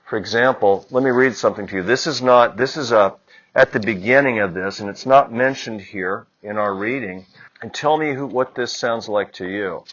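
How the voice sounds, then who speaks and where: A priest giving a conversational homily, building to moments of emphasis. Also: male voice, fairly low pitch, moderate pace, fairly bright tone, highs cut off. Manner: conversational preaching with rising emphasis. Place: church.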